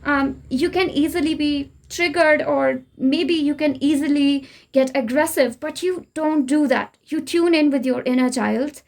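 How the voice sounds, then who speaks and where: High-voiced Indian woman reading tarot. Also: unhurried, gravelly, hardly any pauses. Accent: Indian English. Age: young adult. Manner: gentle, reassuring, speaks straight to the listener. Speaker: tarot reader. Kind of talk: spiritual tarot reading to camera.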